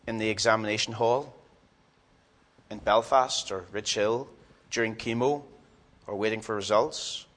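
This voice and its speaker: A man preaching a sermon in a church, swinging from loud emphatic lines to soft, low ones.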